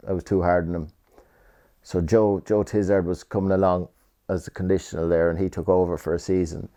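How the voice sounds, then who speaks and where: Deep-voiced Irish man reminiscing. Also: warm tone. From Ireland. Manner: rambling, repeats himself, swears freely. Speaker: retired jockey. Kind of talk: casual reminiscing interview.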